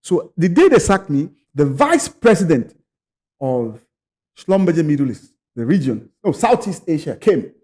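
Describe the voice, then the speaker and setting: A man from Nigeria, a podcast guest telling a personal story in a lively way, acting out other people's voices and sometimes repeating words. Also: a little high, a little slow.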